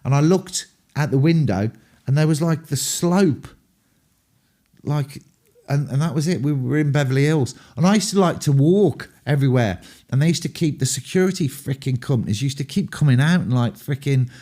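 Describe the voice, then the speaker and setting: A mellow, warm-toned man with an English accent tells candid anecdotes from his rock-and-roll days. He rambles, swears freely and fills his pauses with ums. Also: on the high side, animated. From England. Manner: rambling, profane, full of ums. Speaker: rock band frontman.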